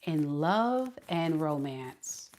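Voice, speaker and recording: A woman's voice: low-pitched, big pitch swings, very slow, a little mellow. A woman from the southern US giving a live tarot reading, chatty and laughing often as she answers her chat. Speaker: tarot reader. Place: home at night.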